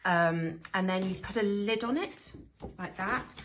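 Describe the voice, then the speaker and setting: A woman's voice: medium pitch, a little slow, fairly bright tone, a little hiss or hum. A woman chatting casually while showing how she sows seeds indoors, rambling with frequent ums and restarts. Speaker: gardener demonstrating seed sowing. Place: indoors, sheltering from a rainstorm.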